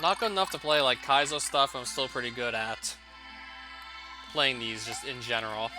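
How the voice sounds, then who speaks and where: A man's voice: medium pitch, normal speed, music in the background. A young man giving casual, wry gameplay commentary, often laughing and reading on-screen text aloud. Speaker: let's play commentator.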